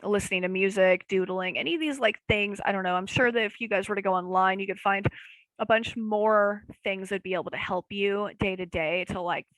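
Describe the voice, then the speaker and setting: A woman's voice: mid-range voice, fairly quick, a bit bright, no echo, rough recording. A young woman hosting a podcast, talking in a rambling, casual way with lots of fillers and self-deprecating asides. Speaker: podcast host. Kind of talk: casual chat.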